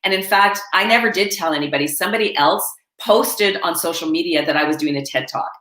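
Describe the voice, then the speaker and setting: Animated, laughing woman storyteller. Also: fairly low pitch, fast talker, echoey room. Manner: laughing, animated anecdotes with acted quotes. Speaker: intuitive coach and author, interview guest. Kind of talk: storytelling in a live interview.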